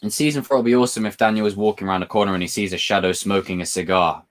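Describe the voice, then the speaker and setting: A man's voice: on the low side, steady tone, rapid-fire. A man hosting a casual live stream. He reads viewer questions aloud, answers them, swears casually and laughs a lot while telling stories.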